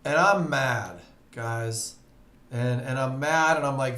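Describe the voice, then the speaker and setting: A man teaching a live trading webinar in a relaxed, conversational way, often putting questions to his audience. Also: mid-range voice, slow, echoey room. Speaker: trading instructor. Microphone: computer mic on a live webinar.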